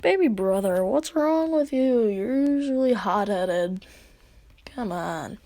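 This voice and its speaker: A woman voicing a pair of ancient warrior spirits, speaking in a hushed, teasing way. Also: medium pitch, a little slow, creaky, no room sound.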